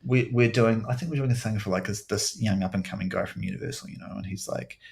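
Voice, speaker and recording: Animated, rambling man hosting a podcast. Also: on the low side, fast talker, gravelly. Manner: rambling, animated storyteller who swears freely. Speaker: podcast host. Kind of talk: casual podcast chat.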